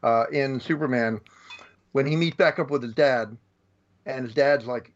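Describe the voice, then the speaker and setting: A man from the United States chatting casually about movies on a podcast, retelling scenes in an animated way. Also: medium pitch, moderate pace. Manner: animated storyteller. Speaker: podcast guest. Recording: slightly dull lo-fi audio.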